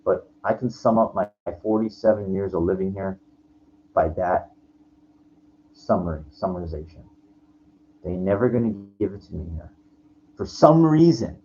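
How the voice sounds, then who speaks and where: A man's voice: low-pitched, lively intonation, moderate pace, long pauses, dark tone. A man in his forties ranting profanely into his own vlog, rambling with many restarts and frustrated asides. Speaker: vlogger. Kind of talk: frustrated personal rant to camera. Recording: lo-fi with faint background noise.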